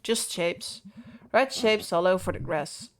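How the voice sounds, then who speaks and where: A woman reading the lines of an anxious young woman who dropped out of college, speaking in a halting, fearful way. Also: fairly low pitch, lively intonation. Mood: haunted.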